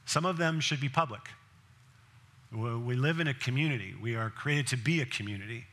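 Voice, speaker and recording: A man's voice: medium pitch, bright, forceful tone. A male pastor preaching a sermon in a conversational way, asking the congregation direct questions.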